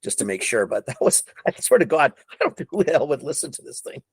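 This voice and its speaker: A man's voice: mid-range voice, big pitch swings, fast, slightly rough, no echo. A man co-hosting a podcast in casual chat, joking and swearing freely. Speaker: podcast co-host.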